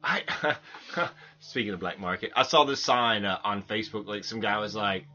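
A man's voice: on the low side, normal speed, bright, forceful tone, dull audio. A man hosting a casual podcast, joking around and often stumbling and restarting his sentences. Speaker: podcast host.

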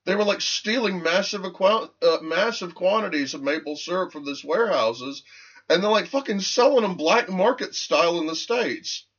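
A man's voice: high voice, moderate pace, fairly bright tone, slightly rough, highs cut off. A man co-hosting a casual podcast, ranting in a profane, rambling way. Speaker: podcast co-host.

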